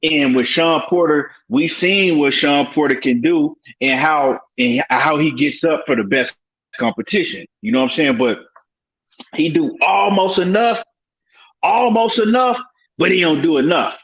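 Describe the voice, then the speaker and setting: A man's voice: fairly high pitch, moderate pace, fairly bright tone, muffled recording. A man on a casual online panel, giving his view hesitantly with many fillers and slangy phrasing. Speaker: panel guest.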